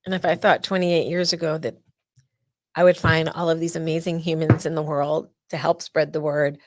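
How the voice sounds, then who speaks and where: A woman's voice: deep voice, level tone, normal speed, background noise. A woman hosting a live awareness event, chatty and openly emotional as she presents. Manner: warm, emotional, chatty, uses y'all.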